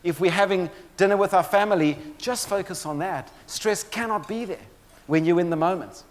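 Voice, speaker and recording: A man with a high voice gives a keynote talk from a stage. He tells his stories with dry humor and turns often to the audience. His words trail off into a long hall reverb. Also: normal speed. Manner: storytelling with dry humor, addresses audience directly. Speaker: motivational speaker. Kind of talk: keynote presentation on stress.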